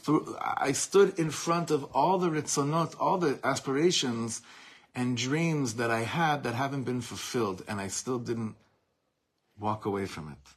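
A man's voice: mid-range voice, measured pace, slightly rough. A man teaching a Torah lesson as a rabbi, speaking with passion and emphasis, repeating phrases for force and mixing Hebrew terms into his English.

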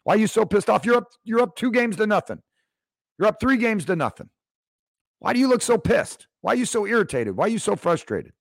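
A man's voice: sits high, sing-song, a little fast, gravelly, no room sound, voice pushed up, exaggerated voice. A man putting on the voice of a pestering male sports reporter who fires incredulous questions.

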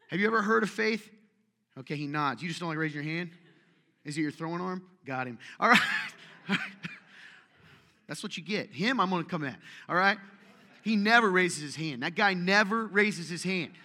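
A man's voice: a little high, sharp tone. A male pastor preaching a sermon in a church, joking with and teasing the congregation between emphatic calls. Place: church hall.

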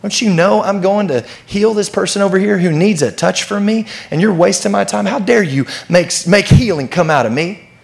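A man's voice: high-pitched, moderate pace, vocal fry, pitched above the performer's own voice. A man voicing a mock-indignant speaker with a sarcastic, offended manner.

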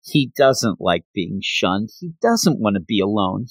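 A man casually retelling a comic book story in a chatty, animated way, acting out the scenes as he goes. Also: medium pitch, measured pace, few pauses, dry recording.

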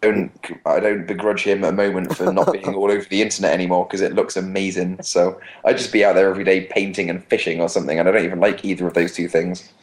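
A man's voice: low-pitched, quick pace. Ranting man with an English accent. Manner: animated, ranting, swears freely. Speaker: podcast co-host. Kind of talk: casual chat.

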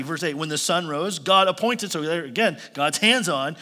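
High, bright-voiced animated male preacher. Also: moderate pace, few pauses. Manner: animated, sarcastic storytelling with acted-out voices. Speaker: pastor. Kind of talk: sermon.

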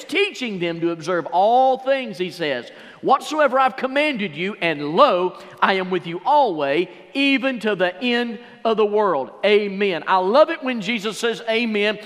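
A man preaching a sermon as pastor, swinging between shouted fervor and hushed, intimate stretches. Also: sits high. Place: church sanctuary. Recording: long church reverb.

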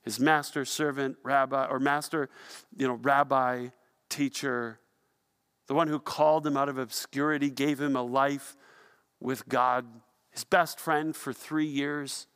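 Man preaching an animated sermon. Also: mid-range voice, measured pace, smooth. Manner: animated storytelling, swings from hushed to loud. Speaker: pastor.

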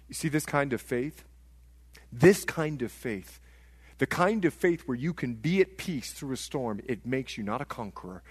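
A middle-aged man from Liberia preaching a sermon, telling stories and acting out voices, swinging from hushed tones to shouting. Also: medium pitch.

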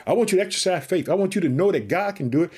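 A man preaching an energetic podcast sermon, fervent and repetitive, calling his listeners family and shouting hallelujah. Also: high-pitched, rapid-fire, breathy edge. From Chicago, United States. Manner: repeats catchphrases, calls listeners family.

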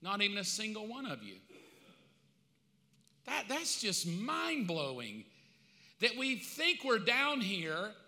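A man preaching a sermon as pastor, emphatic and conversational, swinging from loud to hushed. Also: high-pitched, huge pitch swings, takes it slowly, long pauses. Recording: long hall reverb.

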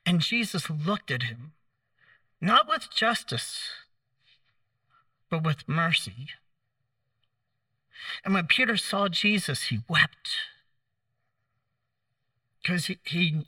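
A man preaching a sermon, telling the story in a conversational way, acting out the quoted lines with gentle humor. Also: on the high side, very animated, takes it slowly, long pauses, no echo, recorded from a distance.

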